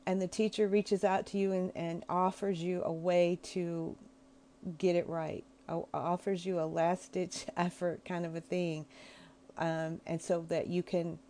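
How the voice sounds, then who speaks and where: A woman giving an informal talk on prayer, in a gentle, reflective way, pausing to search for her words. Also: lowish voice, flat delivery, a little hiss or hum.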